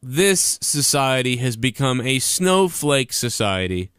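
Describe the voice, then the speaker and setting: A man's voice: medium pitch, sing-song, takes it slowly, a bit bright, clear, resonant tone, no room sound. Profane ranting man, dry close sound. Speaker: wrestling news commentator. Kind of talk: ranting vlog commentary.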